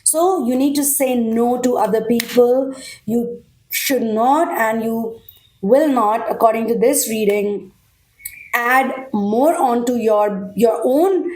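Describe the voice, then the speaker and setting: A woman talks through a collective tarot reading in a direct, reassuring way. Her voice sits on the higher side. She keeps checking in with "okay?" as she goes. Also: takes it slowly, darkish tone, a little hiss or hum. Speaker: tarot reader.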